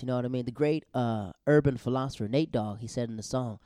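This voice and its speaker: A man hosting a solo podcast, talking in a rambling, self-correcting way with sudden bursts of excitement. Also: mid-range voice, quick pace, dry recording, clean studio sound. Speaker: podcast host.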